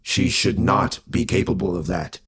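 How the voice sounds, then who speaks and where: A man reading an audiobook, voicing a calm, grave male immortal who speaks in a measured, cautioning way with a husky tone. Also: deep voice, exaggerated voice. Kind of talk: audiobook character voice.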